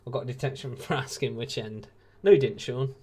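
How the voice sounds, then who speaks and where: A man's voice: mid-range voice, fairly quick, warm tone, husky. A tired man hosting a live watch-along stream, giving laid-back, chatty commentary with jokey asides. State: tired, yawning. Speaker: stream host.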